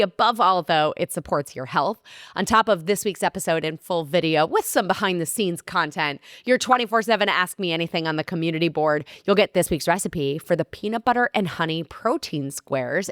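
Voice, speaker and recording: Upbeat woman podcast host, lowish voice. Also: fairly bright tone, dry recording, studio quality. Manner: upbeat, friendly wrap-up patter. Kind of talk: podcast interview and sign-off.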